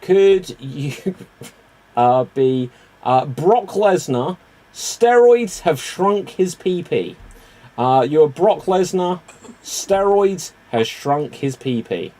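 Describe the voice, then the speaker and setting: Slow-talking man hosting improv. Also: a little high, animated, warm tone. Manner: loose, laughing, running audience votes. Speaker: improv show host. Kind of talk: hosting a live improv stream.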